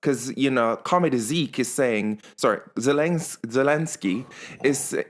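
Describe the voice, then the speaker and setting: A young adult man co-hosting a casual chat, explaining in a rapid, animated way with fillers. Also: medium pitch. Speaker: co-host.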